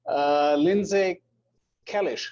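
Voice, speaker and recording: A man's voice: on the high side, slow, a little mellow. A man with an Austrian German accent, a university lecturer taking questions and calling the roll in class, hesitant and apologetic, often repeating words. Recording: dull lo-fi classroom recording.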